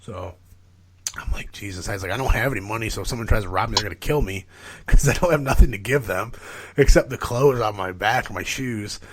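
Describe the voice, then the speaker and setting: A man's voice: lowish voice, quick pace, a little hiss or hum. A man, a podcast guest, telling a long, rambling story in casual chat, swearing freely and filling gaps with "like" and "you know". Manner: profane, rambling, animated retelling with filler words.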